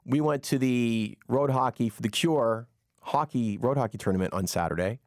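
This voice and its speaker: A man co-hosting a radio podcast, telling stories in a casual, animated way and acting out other people's voices. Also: mid-range voice, moderate pace, no room sound, studio quality. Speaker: radio co-host.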